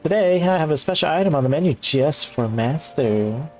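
A man's voice: fairly high pitch, animated, moderate pace, soft background music, voice pushed up. A man voicing a tired, caring young woman teacher who works as a maid, reading her lines in a sweet, fussing way.

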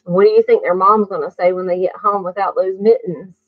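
A woman reading a bedtime story aloud to children, pausing to ask the listener questions. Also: mid-range voice, steady tone, no room sound. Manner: slow, asks the listener questions. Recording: muffled dry recording.

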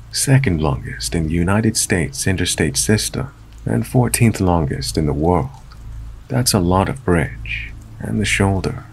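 Deep gravelly male horror narrator. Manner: steady, low-key storytelling. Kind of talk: reading a first-person scary story.

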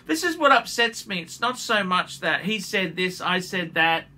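A man making a direct-to-camera apology video as a YouTuber, halting and repetitive, often restarting his phrases. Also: high voice, very animated, pushed and bright, slight background noise.

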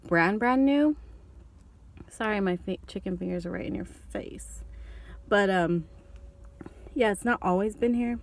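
A young woman vlogger eating lunch in her parked car, rambling casually into her phone and coughing now and then. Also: mid-range voice. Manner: rambling, chatty, eating and coughing while talking. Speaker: beauty vlogger. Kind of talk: casual mukbang chat. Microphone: phone held in hand.

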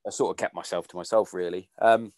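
Low-voiced man hosting a podcast. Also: steady tone, fast talker, a little mellow, no echo. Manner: informal, swears casually, trails off. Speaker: podcast host. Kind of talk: casual conversation.

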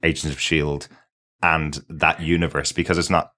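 A man's voice: rumbling low, little pitch movement, normal speed, bright, forceful tone. A man co-hosting a podcast, speculating in casual chat and often affirming the others. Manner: speculative, thinks aloud with frequent affirmations. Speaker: podcast co-host.

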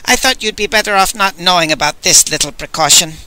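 A man voicing an old, sardonic male sage who talks in a dry, brisk, exasperated way, in an audiobook. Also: high voice, pushed and bright, no echo, rough recording. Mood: explaining. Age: older.

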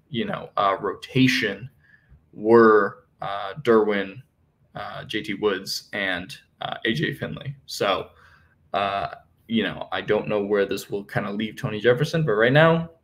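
A young man with a lowish voice hosts a solo sports podcast. He talks through team news in a loose, conversational way, full of fillers and self-corrections. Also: a bit bright. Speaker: podcast host.

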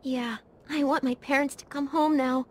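A woman voicing a scared little girl hiding alone, speaking quietly and timidly. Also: high-pitched, fairly even intonation, moderate pace, natural voice.

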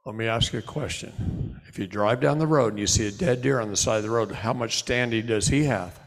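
A middle-aged man giving a live seminar lecture to an audience, preaching in animated bursts that drop to low asides. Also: fairly quick. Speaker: seminar speaker. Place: large hall before a live audience. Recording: long hall reverb.

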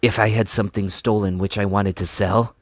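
A man's voice: on the low side, fairly even intonation, brisk, no room sound, natural voice. A man reading aloud, voicing a cautious, reluctant young village boy. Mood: wary. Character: wary young village boy, the hero's friend.

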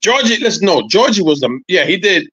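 A man in his sixties, a former boxer, telling animated, profane stories as a podcast guest, repeating his points. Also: high-pitched, brisk, husky, no room sound, dull audio. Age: 60s. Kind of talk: casual podcast chat.

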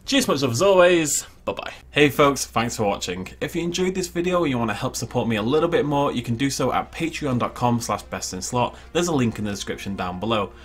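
Animated chatty man playing games. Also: medium pitch, brisk, hardly any pauses, husky. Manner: chatty, talks to animals in a cooing voice. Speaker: gaming channel host. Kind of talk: casual gameplay commentary.

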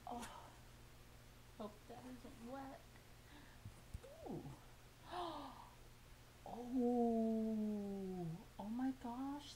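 A woman's voice: a little high, very slow, pauses often, noisy background. A woman vlogging a casual unboxing of fabric for her sewing channel, gushing and squealing over each piece.

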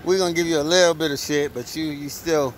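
A man's voice: fairly high pitch, steady tone, fast. Blunt, profane man ranting outdoors. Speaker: truck driver vlogger. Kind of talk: casual ranting monologue. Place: at a truck stop outdoors. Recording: outdoor traffic noise.

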